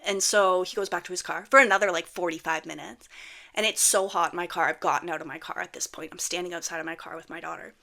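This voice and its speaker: Woman in her 30s, super bright voice, blunt chatty vlogger who swears a lot. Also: lowish voice, steady tone, quick pace, creaky. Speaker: manifestation vlogger. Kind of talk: casual talk to camera.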